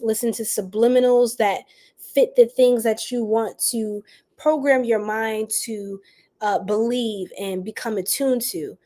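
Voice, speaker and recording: A woman's voice: medium pitch, a little mellow. A woman giving a casual live-stream tarot reading, bubbly and slangy, laughing often and chatting with her viewers. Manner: bubbly, giggly, slangy, talks to chat. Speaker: tarot reader.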